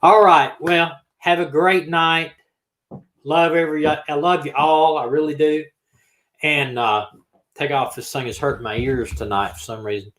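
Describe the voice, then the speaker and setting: A man's voice: fairly high pitch, fairly even intonation, unhurried, fairly bright tone, poor audio. An older man, hosting a live stream and signing off in a folksy, chuckling, rambling way. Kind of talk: casual live stream sign-off.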